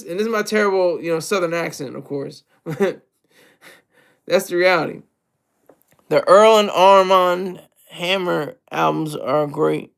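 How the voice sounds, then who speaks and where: A man's voice: high voice, unhurried, vocal fry, fairly bright tone. A man giving casual, rambling solo commentary on hip hop, self-deprecating and full of restarts.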